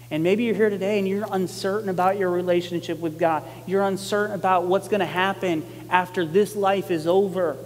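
A male pastor preaching a sermon in a conversational, emphatic way, repeating key lines and getting animated when he quotes people. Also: high-pitched, long reverb tail.

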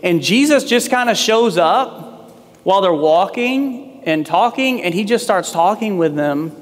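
High-voiced preaching pastor in a hall. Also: male voice, lively intonation, a little slow. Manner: conversational preaching with acted quotes. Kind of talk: sermon.

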